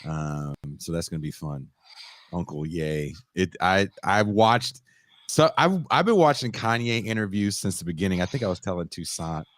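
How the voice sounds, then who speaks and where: A man's voice: low voice, animated, moderate pace, fairly bright tone, dry recording. A man hosting a podcast, telling rambling stories in casual chat and reading a guest introduction. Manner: rambling storyteller, acts out quoted voices. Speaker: podcast host.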